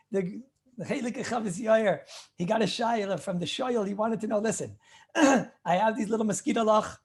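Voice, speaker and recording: Speaking high, a rabbi offers an informal Jewish law lecture full of lively anecdotes. Repetition of his own phrases and frequent throat-clearing mark his delivery.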